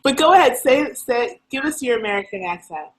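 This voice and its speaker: Brief: woman, casual co-host, swooping lively voice, fairly high, giggles between lines. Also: fairly quick, low-quality recording. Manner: teasing, coaxing. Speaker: co-host of a live video chat. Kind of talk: casual chat.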